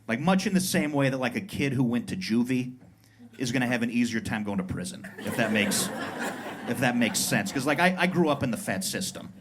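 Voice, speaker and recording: A man's voice: medium pitch, noisy background. A man in his thirties from Colorado performing a self-mocking stand-up set in a comedy club, acting out brash tough-guy voices. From Pueblo, Colorado. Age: 30s.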